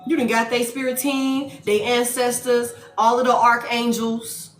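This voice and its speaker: A woman giving a casual tarot reading, animated and profane, repeating lines for emphasis. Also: on the high side, measured pace. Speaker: tarot reader. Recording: echoey room, faint music behind.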